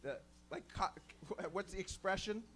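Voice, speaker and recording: A man doing a crude, rambling stand-up set, joking about being high. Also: normal speed, sharp tone, a little hiss or hum. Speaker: stand-up comedian. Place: small club stage with a live audience.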